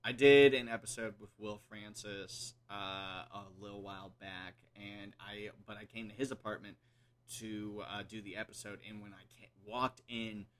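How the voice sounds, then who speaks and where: A man's voice: lowish voice, normal speed. A man hosting a casual podcast from a couch at home, talking in a projecting, classic radio-style voice and joking around, often laughing. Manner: jokey, animated, laughs often. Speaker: podcast host.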